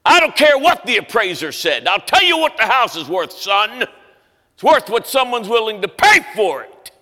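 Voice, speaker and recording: Man doing a gruff old rigger yelling. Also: very high voice, very animated, a little fast, long reverb tail, voice pushed up, full character voice. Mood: bellowing. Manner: loud, gruff, shouting. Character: rough, blunt older male rigger who yells.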